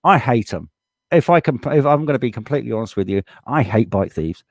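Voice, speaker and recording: Speaking a little fast in an animated, mid-range voice, a British man hosts a live stream and reads out viewer comments bluntly and casually, swearing freely as he heats up. The recording is dry, from a desktop USB microphone.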